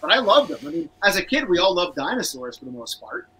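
A man's voice: high voice, very animated, fast, bright, forceful tone, a little hiss or hum, poor audio. A man co-hosting a casual cartoon rewatch show, chatting and reading out viewer comments. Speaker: podcast co-host.

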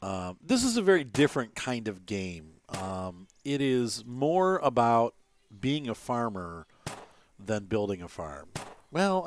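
A man's voice: on the low side, slight background noise. A man hosting a gaming channel, giving casual gameplay commentary in a rambling way, with many fillers and little chuckles. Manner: chuckles between remarks.

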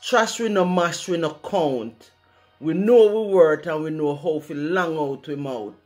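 Jamaican accent, poetry recitation, slow measured pace, faint music underneath. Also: mid-range voice, a little mellow. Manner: rhythmic, rhyming delivery with patois phrasing. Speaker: poet. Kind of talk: reciting a rhyming poem.

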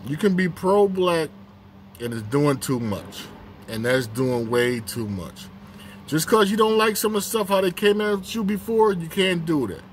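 A man's voice: high voice, expressive, unhurried, a little hiss or hum. A man hosting his own casual commentary vlog on a break at work, talking bluntly and repeating his points for emphasis.

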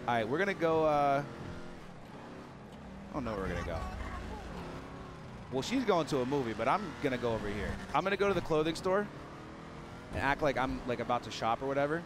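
A hoarse young man does fast, excitable game commentary, his pitch swinging high and low. He giggles a lot and shouts when hyped. Game noise runs clearly behind him. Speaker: gaming channel host.

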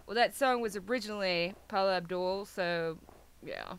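A woman's voice: medium pitch, moderate pace, clear, resonant tone. A young woman chatting casually while she plays a game, playful and self-mocking, often scolding her pets. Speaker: gaming video host. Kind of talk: casual chat while playing.

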